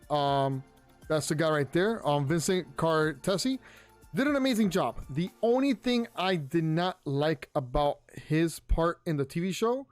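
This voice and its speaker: A young man hosting a podcast, chatting casually and rambling through his reviews with lots of restarts and excitable asides. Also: fairly high pitch, dry recording, clean studio sound. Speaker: podcast host. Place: home room.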